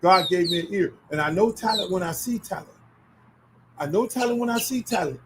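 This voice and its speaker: A middle-aged man hosting his own show, telling casual stories in an animated, profane way. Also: high-pitched, a little fast, background noise. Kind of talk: casual storytelling.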